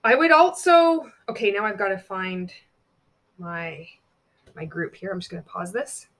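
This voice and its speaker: A young adult woman talks straight to camera in a loose, candid vlog. She is blunt, swears freely and pokes fun at herself. Her voice sits in an ordinary middle pitch. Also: unhurried, a bit bright. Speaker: vlogger. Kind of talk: casual chat walking through examples.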